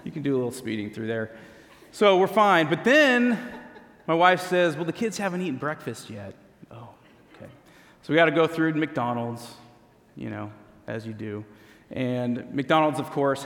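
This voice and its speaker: A man's voice: medium pitch, animated, normal speed, a bit bright. A man, a pastor, telling a humorous personal story in a conversational sermon. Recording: long hall reverb.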